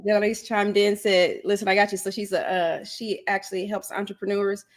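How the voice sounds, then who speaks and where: A woman on a casual panel, speaking softly and laughing often. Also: mid-range voice, flat delivery, a little fast.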